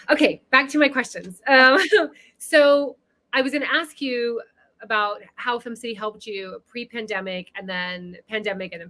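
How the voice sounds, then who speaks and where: A woman's voice: mid-range voice, bright, forceful tone. A woman hosting a casual interview on a video call, gushing and emotional about her guest. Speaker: interview host.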